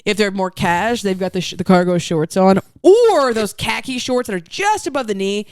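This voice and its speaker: A woman's voice: mid-range voice, expressive, normal speed, no room sound, clean studio sound. A woman co-hosting a podcast, telling a long, rambling hypothetical story in casual banter. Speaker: podcast co-host.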